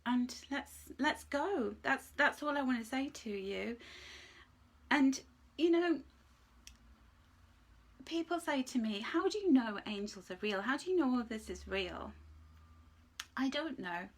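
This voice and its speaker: Her voice sits high with lively intonation, and she takes her time, leaving long pauses. During a live angel card reading she grows tearful, gushing with emotion.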